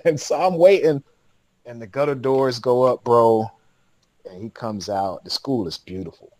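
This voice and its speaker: Slangy animated man telling a story. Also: mid-range voice, measured pace, no echo, poor audio. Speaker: podcast guest. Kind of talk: casual storytelling.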